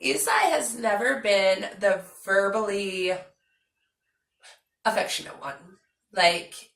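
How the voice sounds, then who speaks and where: A young woman chatting casually to her vlog audience, animated and talkative with lots of fillers. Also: medium pitch, takes it slowly, echoey room. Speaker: vlogger.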